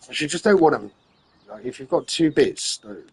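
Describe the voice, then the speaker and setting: A man's voice: medium pitch, expressive, moderate pace, darkish tone, a little hiss or hum, poor audio. A man giving rambling, casual commentary as he plays a game late at night, tired and repeating himself while handing out tips. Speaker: gamer streaming his play.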